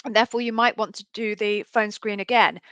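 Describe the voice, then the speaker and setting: A woman's voice: mid-range voice, fairly even intonation, fairly quick, fairly bright tone, clear, resonant tone, no room sound, muffled recording. A woman coaching job candidates live, explaining the interview process in a frank, conversational way.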